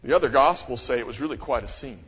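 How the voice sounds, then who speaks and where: A middle-aged man preaching a sermon as a pastor, talking in an animated way with many rhetorical questions and sudden emphasis. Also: medium pitch, fast, breathy edge. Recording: dull, echoey church hall.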